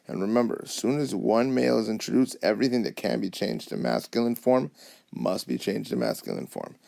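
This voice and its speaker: A man with a fairly low voice and a gravelly edge of vocal fry explains Spanish adjectives over a whiteboard app. He talks patiently and keeps checking in with his students. He sounds like a teacher narrating a tablet lesson. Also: a little mellow. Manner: patient, repeats "okay?" and "alrighty?" to check understanding. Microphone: tablet mic over whiteboard app.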